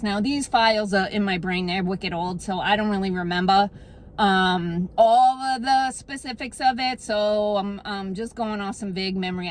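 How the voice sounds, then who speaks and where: A woman naturopath in a comedic monologue, joking deadpan in a put-on Boston accent. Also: mid-range voice. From Wisconsin. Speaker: naturopath giving health advice.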